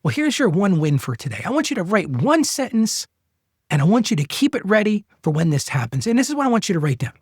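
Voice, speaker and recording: Husky middle-aged man coaching earnestly. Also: high-pitched, big pitch swings, fast, darkish tone, dry recording, clean studio sound. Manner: earnest, coaching, repeats phrases for emphasis. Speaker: podcast host. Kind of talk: faith-based money advice talk.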